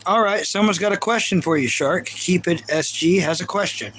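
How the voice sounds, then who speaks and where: A man's voice: sits high, animated, moderate pace, fairly bright tone, slight background noise, rough recording. A man with a Kentucky accent chatting casually on a live stream, rambling earnestly and reading viewer comments aloud. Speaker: livestreamer.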